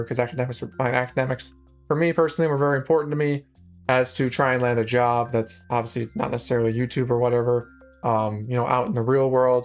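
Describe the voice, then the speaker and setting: A man in his early twenties talking off the cuff in an unscripted channel update, rambling with many restarts and filler words. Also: mid-range voice. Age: early 20s. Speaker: YouTube creator.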